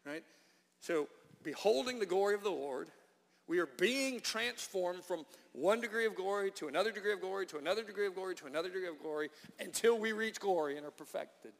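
Pastor, man, high voice; emphatic sermon delivery in a reverberant church. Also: a little fast, vocal fry. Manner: prayerful and hushed in prayer, then animated and emphatic when preaching. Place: church sanctuary.

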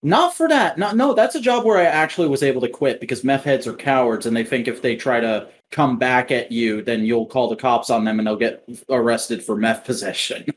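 A co-host in casual chat, jokey and quick to riff on the story. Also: mid-range voice.

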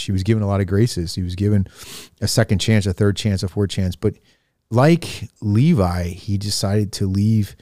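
Guy with a lowish voice rambling through a story, lots of ums, dry close sound. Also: dark tone, dry recording. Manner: storytelling with many fillers and restarts. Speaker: podcast host. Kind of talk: casual spiritual reflection.

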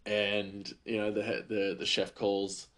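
A man's voice: on the low side, little pitch movement, unhurried, fairly bright tone. A man hosting a podcast, telling stories in a chatty, rambling way full of fillers. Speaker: podcast host. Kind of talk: casual storytelling.

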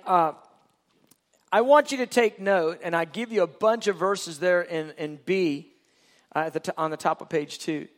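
A man delivers a sermon in a notably high voice. He speaks earnestly and plainly, like a pastor talking with his congregation. He often trips over and restarts his sentences. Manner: earnest, conversational preaching with restarts.

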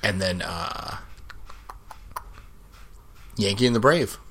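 A man's voice: fairly low pitch, animated, slow pace, pushed and bright. A man co-hosting a casual sports podcast, trading wisecracks and profane jokes. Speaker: podcast co-host.

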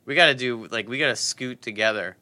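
A man's voice: medium pitch, fairly quick, bright, forceful tone, dry recording. A man co-hosting a casual podcast, a rambling, jokey storyteller. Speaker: podcast co-host. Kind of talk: casual chat.

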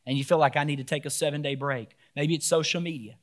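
A man with a fairly high voice preaches a sermon at church. He is animated, rising to loud shouts and then dropping low and quiet to stress his points. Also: fast talker. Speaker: pastor.

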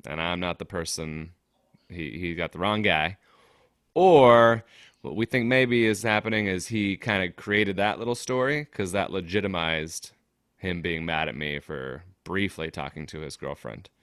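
A man's voice: deep voice, a little slow, clean tone, no echo, clean studio sound. A young man casually telling a story on a podcast, laughing often and acting out what others said. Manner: animated storytelling, laughs often, quotes people. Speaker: podcast co-host.

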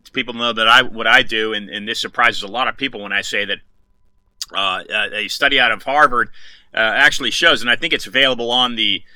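A man interviewing a guest, halting, with many fillers and restarts. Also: mid-range voice, sharp tone, dry recording, rough recording. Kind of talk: casual interview.

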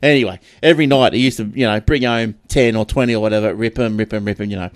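An Australian man chatting casually on a podcast, telling lively stories, acting out other people's voices and laughing often. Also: lowish voice, fast, no echo, clean studio sound. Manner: animated storyteller, acts out voices, laughs often. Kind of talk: casual chat.

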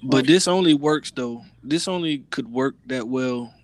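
A man co-hosting a podcast, talking in a slangy, animated way with lots of restarts. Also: mid-range voice, unhurried, no echo. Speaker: podcast co-host. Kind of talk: casual chat.

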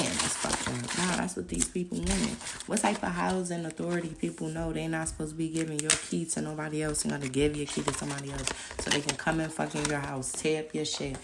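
Blunt, low-voiced woman. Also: vocal fry, heavy background noise. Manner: blunt, profane, animated storytelling. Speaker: podcast host. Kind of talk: casual monologue.

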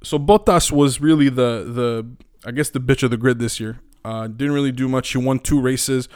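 A man's voice: medium pitch, moderate pace, clean tone, dry recording, clean studio sound. A young man hosting casual commentary, rambling, opinionated and profane. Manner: rambling, profane, many fillers and restarts; opinionated and animated. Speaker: podcast host.

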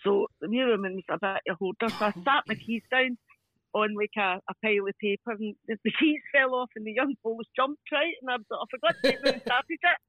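A Scottish woman telling stories casually as a podcast guest, animated and laughing often as she acts out voices. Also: fairly high pitch, quick pace, dry recording. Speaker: podcast guest, crime scene cleaner. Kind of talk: casual storytelling chat. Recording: dull lo-fi dry sound.

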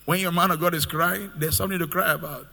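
Male preacher, high bright tone, sermon delivery in a reverberant church hall. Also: fairly even intonation, quick pace, creaky. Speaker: pastor.

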